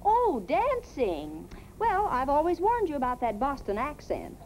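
An actress playing a quick-witted young woman who teases her father in a sarcastic 1950s sitcom style. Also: high voice, huge pitch swings, a little mellow, slight background noise, heavily acted, rough recording. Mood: mocking. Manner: teasing, sarcastic. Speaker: daughter in a sitcom.

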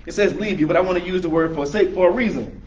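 A man's voice: sits high, fast, highs cut off, a little hiss or hum. A man teaching a Quran class to a small group in a room, explaining each verse in plain conversational words. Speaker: religious teacher. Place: room with a small audience, filmed by camera.

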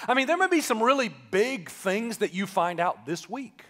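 A man preaching a live sermon as pastor, conversational and joking, then building to shouted emphasis. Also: sits high, big pitch swings, normal speed. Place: church sanctuary, live service. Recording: live church with long reverb.

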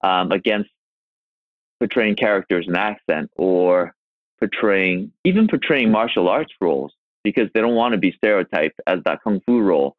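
A man's voice: sits low, normal speed, dry recording. A man from China, a guest actor in a podcast interview, speaking earnestly and emphatically with rhetorical questions. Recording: tinny phone-like remote line.

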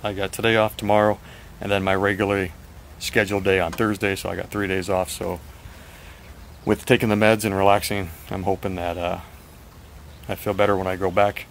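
A man chatting in a rambling, frank video diary, slightly raspy and short of breath. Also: deep voice, level tone, brisk, a little hiss or hum, low-quality recording. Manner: rambling, frank, swears at times. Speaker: vlogger.

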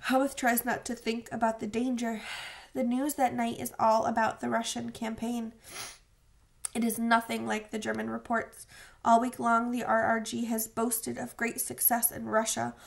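Gravelly-voiced woman narrating an audiobook. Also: fairly high pitch.

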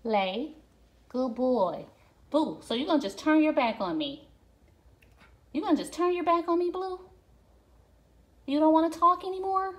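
A woman chats to her pet dog at home, half scolding and half coaxing. Her voice sits fairly high and swings widely in pitch, in a sing-song way. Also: expressive, unhurried, long pauses. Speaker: dog owner talking to her pet on camera. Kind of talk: casual talk to a pet. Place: at home by a window.

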